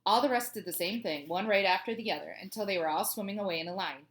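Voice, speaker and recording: A woman's voice: medium pitch, fast talker, fairly bright tone. A woman, a teacher, reading a children's book aloud in a cheerful, chatty way.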